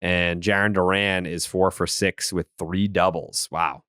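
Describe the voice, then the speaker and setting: A man with a lowish voice hosts a casual sports podcast, reeling off baseball numbers and goofing through ad reads. His voice comes across smooth and clear. The sound is close and dry, with no room to it. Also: steady tone, a little slow, few pauses, pushed and bright, no room sound. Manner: reads ad copy jokingly, rattles off baseball stats. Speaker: podcast host.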